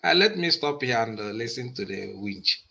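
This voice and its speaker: A man speaking as a guest on a talk show, halting often with uh pauses. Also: mid-range voice, lively intonation, vocal fry, pushed and bright, a little hiss or hum. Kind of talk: call-in discussion.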